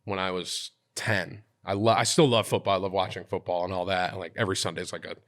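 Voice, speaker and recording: Guest streamer, 20s, low-ish relaxed voice, easygoing storyteller. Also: male voice, fast talker. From upstate New York. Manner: relaxed, self-deprecating storyteller. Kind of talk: casual podcast chat, storytelling.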